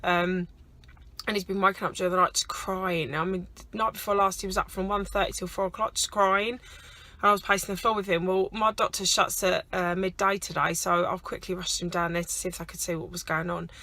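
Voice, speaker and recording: British mum vlogger, 30s, bright and chatty, handheld camera at home. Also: female voice, on the low side, little pitch movement, brisk. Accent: British English. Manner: chatty, rambling, lots of ums. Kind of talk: casual vlog chat to camera. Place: at home and out at the shops.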